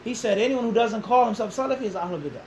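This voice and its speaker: A man's voice: very high-pitched, rapid-fire, a little mellow, a little hiss or hum, rough recording. A man in his thirties with a Philadelphia accent, giving an interview that turns into a lecture, asking the room rhetorical questions and repeating his points. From Philadelphia, USA. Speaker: interviewed Islamic teacher.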